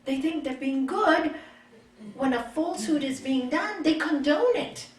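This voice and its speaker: A middle-aged woman yoga teacher giving a spiritual talk, telling personal stories in an expressive, conversational way. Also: high-pitched, measured pace. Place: retreat meeting hall. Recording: echoey room, mic far off.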